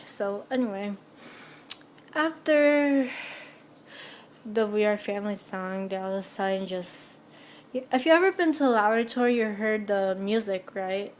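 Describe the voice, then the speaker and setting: A teenage girl excitedly telling a personal story, full of "like" and "I'm like". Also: mid-range voice, slight background noise. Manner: bubbly, lots of 'like' and 'I'm like'. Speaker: vlogger.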